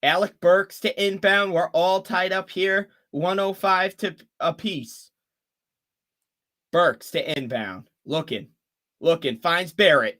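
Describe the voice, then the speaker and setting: A young man giving fan play-by-play commentary of a basketball game, excitable and openly rooting for one team. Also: high-pitched, takes it slowly.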